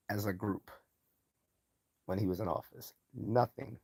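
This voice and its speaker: A man's voice: on the low side, fairly even intonation, unhurried, long pauses, a little mellow, husky, no echo. A man hosting a live stream in a casual commentary style, loose and mocking, chuckling often and swearing freely.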